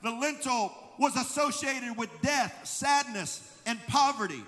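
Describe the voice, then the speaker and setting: High bright-voiced male pastor preaching, church hall reverb. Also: unhurried. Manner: preaching, building to shouted emphasis. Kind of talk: sermon. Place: church sanctuary.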